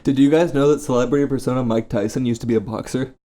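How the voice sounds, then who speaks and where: A man's voice: medium pitch, fairly even intonation, fast talker, warm tone. A young man hosting a casual podcast chat, joking crudely and swearing often. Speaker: podcast host.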